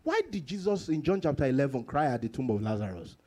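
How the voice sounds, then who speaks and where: A man preaching a sermon to his congregation, repeating phrases for emphasis and jumping into sudden high bursts and chuckles. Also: very animated, quick pace, a little mellow. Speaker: pastor.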